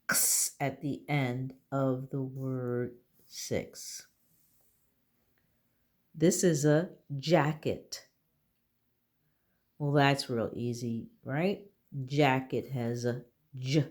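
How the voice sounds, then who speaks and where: Slow, low-voiced woman teaching phonics. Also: a little mellow. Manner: slow, patient, sounding out letters. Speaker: kindergarten teacher. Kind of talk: phonics lesson for young children.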